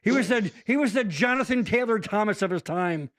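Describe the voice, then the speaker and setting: High-voiced and brisk, a podcast host keeps things casual, swearing liberally. He rambles with animation, bouncing from one thought to another.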